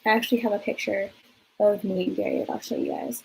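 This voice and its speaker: A woman's voice: medium pitch, brisk, gravelly, slightly rough, rough recording. Chatty young woman telling a story. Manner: chatty, peppered with "like", lively retelling. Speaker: vlogger. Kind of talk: casual storytime vlog.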